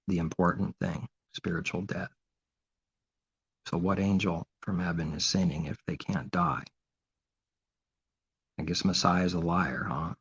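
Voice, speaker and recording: A man preaches an informal sermon in a deep, gravelly voice with a husky edge, firing off rhetorical questions and answering them himself. His tone turns mockingly sarcastic at times, and the recording sounds dull and lo-fi.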